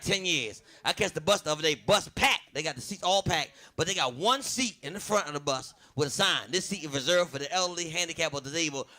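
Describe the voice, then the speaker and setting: A man's voice: fairly high pitch, sharp tone. A man from Baltimore doing a profane stand-up comedy set, brash and laughing at his own jokes.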